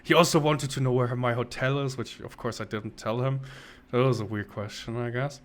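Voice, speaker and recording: A man's voice: medium pitch, fairly even intonation, fairly quick. Rambling man telling a story. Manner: rambling, many restarts and fillers. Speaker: podcast co-host. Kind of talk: casual chat, storytelling.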